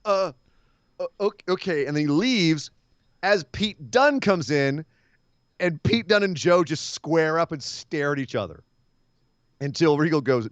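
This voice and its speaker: Lively, animated man recapping wrestling. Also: fairly high pitch, unhurried, long pauses, dry recording, dull audio. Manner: animated storyteller, acts out quotes. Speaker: podcast co-host. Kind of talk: casual wrestling recap chat.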